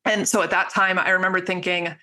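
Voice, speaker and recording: A woman speaks as a podcast guest, sharing her story with real passion. Her voice sits a little low but rings bright and forward. The talk is casual and flowing. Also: little pitch movement, a little fast. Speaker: podcast guest, business coach.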